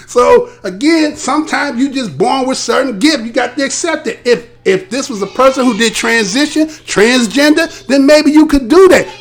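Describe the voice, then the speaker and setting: American male host, high voice with gravel, chatty rhetorical commentary full of tag questions. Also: fairly bright tone. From United States. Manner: conversational, rhetorical, tags points with "right?". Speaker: live show host. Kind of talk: casual commentary.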